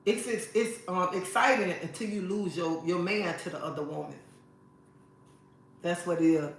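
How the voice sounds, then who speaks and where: A woman's voice: fairly low pitch, moderate pace, a little hiss or hum. Sassy woman preaching on a livestream. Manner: preachy, sassy, repeats phrases. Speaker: livestream host. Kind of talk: casual livestream talk to viewers. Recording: very echoey room.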